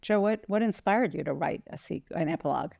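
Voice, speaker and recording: Woman co-host asking brisk questions. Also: lowish voice, animated, vocal fry, a little mellow, no room sound, studio quality. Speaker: co-host interviewer.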